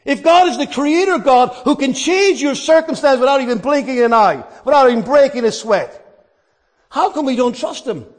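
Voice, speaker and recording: High-voiced man preaching a lively sermon. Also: moderate pace. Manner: dynamic, swings from quiet to shouting; asks and answers his own questions.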